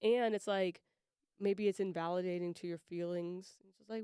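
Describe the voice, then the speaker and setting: A woman's voice: fairly low pitch, fairly even intonation, moderate pace, warm tone, clean tone, no room sound, clean studio sound. A woman co-hosting a casual faith podcast, thinking aloud, trailing off and laughing often. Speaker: podcast co-host.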